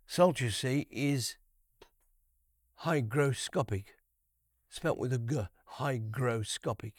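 A man's voice: mid-range voice, no room sound. Guy teaching scripture in a dry-sounding room, chatty, keeps asking questions back at you. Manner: unhurried, repeats key phrases, asks rhetorical questions. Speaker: Bible teacher. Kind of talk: conversational Bible teaching.

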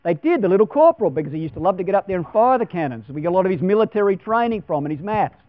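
A chatty man giving a Bible class sermon, talking in an easy, folksy way and putting questions to his listeners. His voice sits a little high for a man. The sound is dull and lo-fi, recorded dry with a steady mains hum underneath. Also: rapid-fire, dry recording. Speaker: preacher.

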